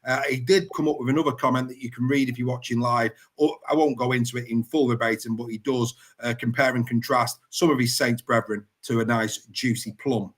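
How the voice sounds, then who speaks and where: Jokey male podcast host, bright clear voice, animated casual banter, mid pitch. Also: fairly quick, hardly any pauses. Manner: jokey, animated, laughs often. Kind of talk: casual sports chat.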